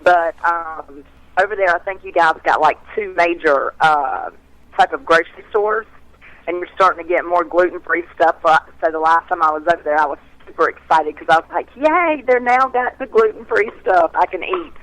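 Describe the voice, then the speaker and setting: A woman's voice: sits low, fairly even intonation, fairly quick, fairly bright tone, no room sound, low-quality recording. A woman with a Southern US accent from North Carolina, chatting as a guest by telephone in a folksy way. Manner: chatty, folksy, laughs easily. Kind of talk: casual phone interview.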